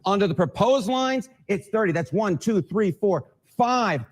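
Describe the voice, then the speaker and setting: Male TV analyst, slightly high voice, brisk and explanatory. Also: lively intonation. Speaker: news commentator in a played clip. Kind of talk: broadcast news analysis.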